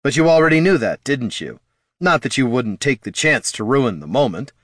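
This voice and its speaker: A man's voice: mid-range voice, sing-song, normal speed, a bit bright, dry recording, voice pushed up. A man voicing a vain, theatrical male bard who speaks dramatically and sounds easily wounded, recorded dry. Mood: indignant.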